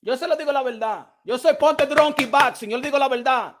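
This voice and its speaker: A man hosting a boxing channel who rants in a loud, mocking and profane way, often shouting. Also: very high-pitched, quick pace. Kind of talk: heated ranting commentary.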